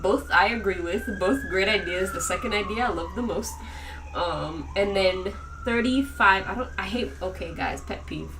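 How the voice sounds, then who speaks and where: A woman's voice: mid-range voice, moderate pace. A young woman trades playful, slangy remarks as a podcast co-host, laughing easily. She sits a little away from the microphone, with a faint hiss under her voice. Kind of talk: casual chat. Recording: distant mic, faint noise.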